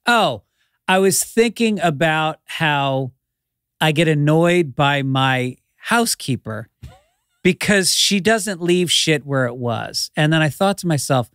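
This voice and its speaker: A man who is a comedian guest in casual podcast chat, relaxed and wry, speeding up when he tells an anecdote. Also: fairly high pitch, takes it slowly, smooth, no room sound, clean studio sound.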